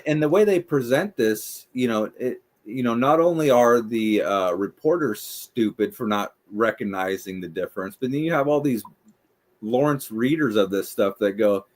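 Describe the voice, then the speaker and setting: Blunt, fast-talking man. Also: mid-range voice. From United States. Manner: blunt, swears often, fast and emphatic. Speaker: co-host. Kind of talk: casual podcast chat.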